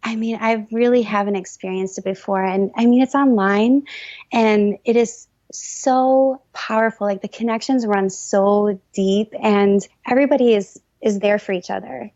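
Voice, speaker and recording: A woman's voice: medium pitch, fairly even intonation, normal speed, darkish tone, no room sound, lo-fi sound. A woman guest on an interview podcast, talking with gushing enthusiasm and lots of fillers about her writing course. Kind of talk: casual interview chat.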